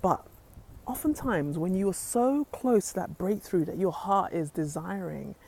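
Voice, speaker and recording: A woman's voice: on the low side, animated, unhurried, gravelly, darkish tone, slightly rough. Earnest woman, faith-driven phone vlog. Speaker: motivational vlogger. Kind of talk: inspirational talk to camera. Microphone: handheld phone camera.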